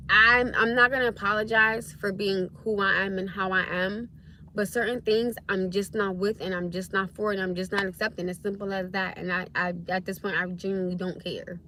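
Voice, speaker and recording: A woman's voice: mid-range voice, fairly even intonation, fairly quick, bright, forceful tone, slight background noise. A young woman hosting a casual livestream, talking bluntly and emphatically, often repeating herself to drive a point home. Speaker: livestream host.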